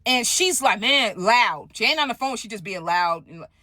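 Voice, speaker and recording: A woman telling a story in a casual vlog, animated and profane, often asking "right?". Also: a little high, normal speed, no echo, studio quality.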